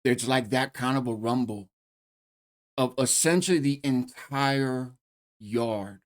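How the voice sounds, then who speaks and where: A man's voice: medium pitch, slow pace. Streetwise man telling a story. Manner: streetwise slang, frequent "right?" tag questions. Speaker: host telling a prison story. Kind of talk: casual storytelling.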